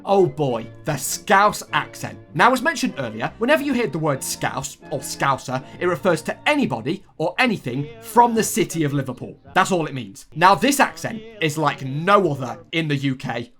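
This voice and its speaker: A young man hosting a comedic explainer, narrating with quick jokey delivery. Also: a little high, big pitch swings, a bit bright, soft background music. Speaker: YouTube host.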